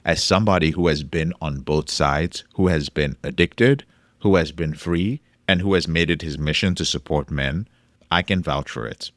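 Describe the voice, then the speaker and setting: Very deep-voiced emphatic male podcast host. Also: normal speed, dry recording. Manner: emphatic, repeats key phrases, swears casually. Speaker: podcast host and recovery coach. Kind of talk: solo podcast monologue.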